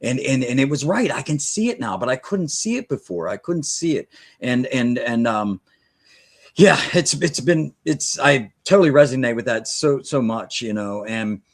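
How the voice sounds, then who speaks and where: A man's voice: medium pitch, expressive, moderate pace. A man hosting a live stream, speaking heartfelt and often stumbling over his words with repeated restarts. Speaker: host.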